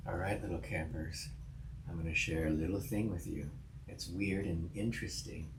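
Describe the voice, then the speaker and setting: A creepy uncle figure speaks in a low, hushed murmur, as a podcast host puts the voice on for a joke. The pitch sits low and the delivery is soft and close. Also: male voice, steady tone, normal speed, echoey room, over a noisy crowd, natural voice, rough recording. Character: creepy uncle, adult male, sly and hushed.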